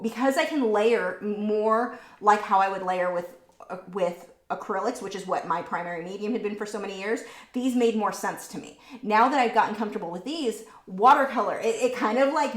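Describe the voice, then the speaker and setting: A woman hosting a live painting stream, chatting casually and answering viewer questions, warm and talkative. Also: medium pitch, roomy sound. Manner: warm, chatty, easily moved, laughs between words.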